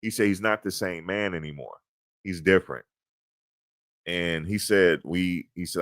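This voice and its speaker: A man recapping events in a casual, animated storytelling manner, slangy and repetitive. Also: deep voice, normal speed, no room sound, clean studio sound. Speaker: commentator recapping a court hearing.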